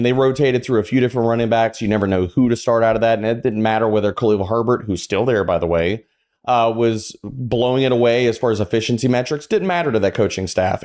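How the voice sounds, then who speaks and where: A man's voice: fairly low pitch, a little mellow. Emphatic man arguing his case on a podcast. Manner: emphatic, argumentative, acts out quotes. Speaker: podcast panelist. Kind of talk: casual podcast chat.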